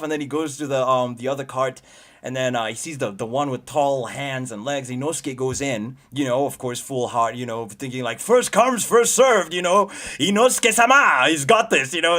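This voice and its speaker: A man's voice: medium pitch, fairly bright tone. Rambling young man reviewing a film. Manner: rambling, with many fillers and restarts. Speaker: livestream host. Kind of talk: excited movie review chat.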